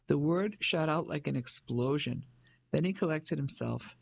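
A man narrating an audiobook in a measured, even storytelling manner. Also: fairly high pitch, creaky, no echo.

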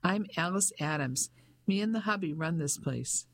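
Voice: mid-range voice, animated, normal speed, fairly bright tone. A reader voicing a brash, gossipy middle-aged landlady with a Cockney accent in an audiobook. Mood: chatty. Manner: chatty, gossipy. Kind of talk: audiobook character voice.

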